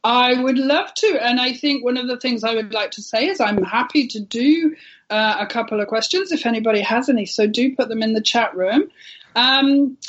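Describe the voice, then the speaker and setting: A woman's voice: a little high, moderate pace, muffled recording. A woman speaking as a guest on an internet radio interview, telling her story in a heartfelt, earnest way. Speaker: guest, intuitive healer.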